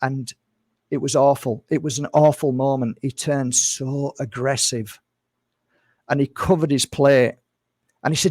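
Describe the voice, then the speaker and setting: A man's voice: medium pitch, fairly even intonation, a little slow, pauses often, darkish tone, dry recording, clean studio sound. A man talking casually to camera as a healer and vlogger, earnest and rambling, repeating his phrases and calling his viewers "guys.".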